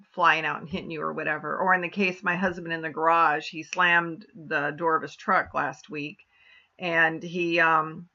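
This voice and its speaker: A middle-aged woman explains car insurance in a casual, storytelling vlog manner. Her voice is bright with a gravelly edge. The recording sounds slightly muffled and lo-fi. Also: on the low side. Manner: chatty, storytelling, conversational.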